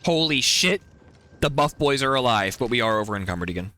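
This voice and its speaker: A man's voice: medium pitch, expressive, fairly quick, pushed and bright. A man streaming a video game, commenting live and pleading and swearing at the characters on screen.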